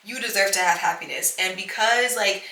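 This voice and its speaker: A young woman hosts a podcast, offering an earnest, reassuring, heartfelt monologue sprinkled with "like" and "you know." Her medium-pitched voice has vocal fry and a sharp tone at a moderate pace, and the room sounds echoey.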